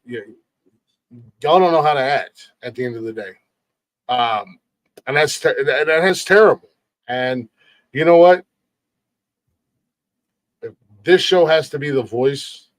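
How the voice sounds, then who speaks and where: A middle-aged man hosts a podcast in an earnest, emphatic way, with plenty of swearing. His voice sits at a mid pitch and sounds close and dry. He often restarts and repeats words as he pushes his point. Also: no room sound. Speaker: podcast host. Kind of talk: casual podcast talk.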